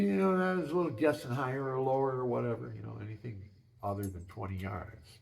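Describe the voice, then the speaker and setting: A man's voice: on the low side, creaky, darkish tone. An older man telling casual, rambling stories about his home and pets, with lots of restarts and folksy asides. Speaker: home video maker. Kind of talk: casual storytelling.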